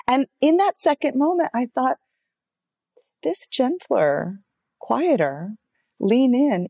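Expressive woman with dry close sound. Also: slightly rough, dry recording. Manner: animated storytelling, wide pitch swings, expressive. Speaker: guest, voice coach and author. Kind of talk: casual interview conversation.

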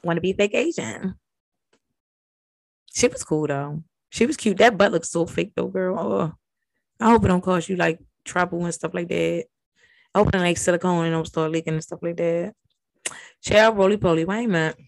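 Woman podcast host, brash and profane, animated recap chat, dry close sound. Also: on the low side, normal speed, vocal fry, pauses often, no echo. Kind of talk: casual reality-TV recap chat.

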